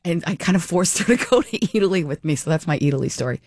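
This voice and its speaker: A woman hosting a talk radio show tells a story in a chatty, animated way, tripping over and repeating her first words. Her voice sits in the middle of her range and comes through a close, dry studio mic with no room sound. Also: lowish voice, quick pace, dry recording. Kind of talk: casual radio chat and storytelling. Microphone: studio microphone.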